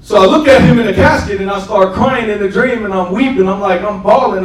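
A man's voice: high-pitched, brisk, few pauses, roomy sound, recorded from a distance, rough recording. A man preaching a sermon and telling his testimony, with conversational asides, often checking in with "right?". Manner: call-and-response asides, repeats "right?". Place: church sanctuary.

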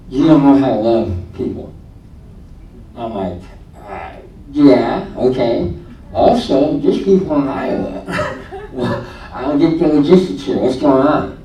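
Mellow-voiced man in a roomy hall. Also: mid-range voice, recorded from a distance, slight background noise. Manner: animated storytelling, acting out his own quoted thoughts with laughs. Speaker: church member giving testimony. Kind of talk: personal testimony to a congregation. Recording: roomy hall, speaker away from the mic, faint ambience.

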